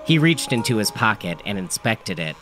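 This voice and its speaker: A man's voice: lowish voice, sing-song, normal speed, music in the background. A man narrating a comic story in a dry, matter-of-fact first-person delivery.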